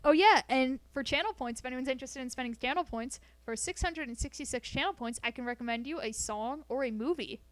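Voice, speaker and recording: A woman with a somewhat high voice chats on a live stream from her floor at home. She talks loosely and profanely, drifting off topic and cracking jokes between bits of science. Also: a little fast, hardly any pauses. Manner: profane, rambling, jokey. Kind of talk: casual live-stream chat.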